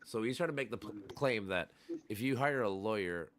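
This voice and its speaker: A low-voiced man hosts a casual livestream. He rants with heat, swearing often as he argues his point. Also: animated, moderate pace, fairly bright tone, a little hiss or hum. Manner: heated, profane ranting. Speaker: livestream host. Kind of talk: casual chat.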